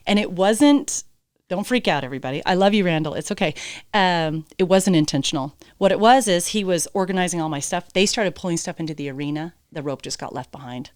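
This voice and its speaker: A woman's voice: fairly low pitch, a little fast, dry recording, clean studio sound. A woman guest on a podcast, a horse trainer telling her story candidly, with emphatic, blunt phrasing and casual swearing. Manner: acts out quoted dialogue.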